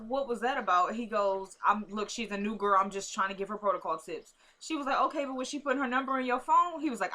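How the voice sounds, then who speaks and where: A woman's voice: on the high side, sharp tone. A woman in a casual vlog, chatting to her viewers in slangy style as she retells a TV episode and acts out the characters' lines. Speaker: vlogger recapping a TV episode. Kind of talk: casual recap chat. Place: at home.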